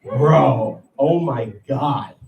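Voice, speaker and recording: A man in his thirties doing a profane, animated stand-up set on a comedy club stage. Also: mid-range voice, very slow, gravelly, muffled recording. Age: 30s. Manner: profane, animated, acts out voices. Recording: echoey room, heard from a distance. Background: audience laughter and room noise.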